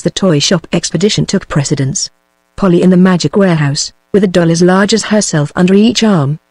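A synthetic woman's voice with a British English accent, reading a novel aloud in an even, computer-made way. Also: on the low side, dry recording. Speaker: audiobook narrator. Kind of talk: scripted narration.

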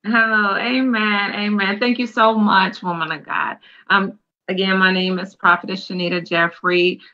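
Bright-voiced woman prophetess, lo-fi sound. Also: medium pitch, level tone, normal speed. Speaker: prophetess and co-pastor. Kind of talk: introducing herself on a ministry talk show. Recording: dull lo-fi audio.

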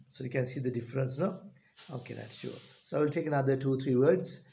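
A man with a Sri Lankan English accent gives a pronunciation lesson, saying each word slowly and deliberately. His mid-range voice has a dark tone and some vocal fry.

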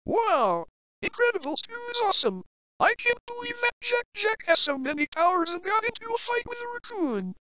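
A woman's voice: extremely high pitch, big pitch swings, normal speed. A woman voicing a cocky young male hedgehog hero who teases his friends. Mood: excited. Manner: teasing, laughs at friends. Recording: dull lo-fi home recording.

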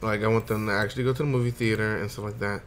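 A man's voice: fairly low pitch, fairly even intonation, very fast, slight background noise. A man hosting a casual let's play, rambling, swearing and talking to his characters, sleepy and yawning. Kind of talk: casual gameplay commentary.

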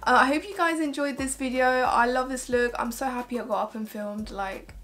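Gushing woman reviewing makeup, slightly high voice. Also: a little fast, fairly bright tone, faint music behind. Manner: chatty and gushing, many filler "like"s. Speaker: beauty vlogger. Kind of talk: casual makeup review to camera.

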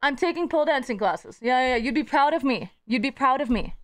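A young woman talks live to her chat in a high, animated voice. Her casual banter is playful and full of swearing, and she darts from topic to topic.

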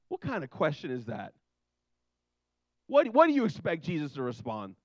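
A man's voice: medium pitch, sing-song, normal speed, long pauses, dry recording, lo-fi sound. A man preaching a sermon in a loose, conversational way, acting out the scenes he tells in quoted voices. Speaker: pastor.

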